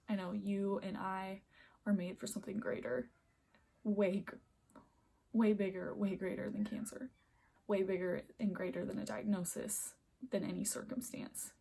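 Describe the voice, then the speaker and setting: A woman's voice: mid-range voice, vocal fry, dark tone, breathy edge. A young woman vlogging at home into a phone camera, earnest and emotional, close to tears, often dropping to a near-whisper as she rambles. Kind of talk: emotional personal vlog.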